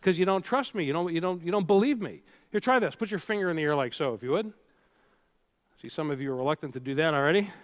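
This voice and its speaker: A man's voice: fairly high pitch, animated, fast talker. A man giving a keynote speech to a live audience, telling stories and leading the crowd through playful exercises. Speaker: keynote speaker. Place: stage before a live audience.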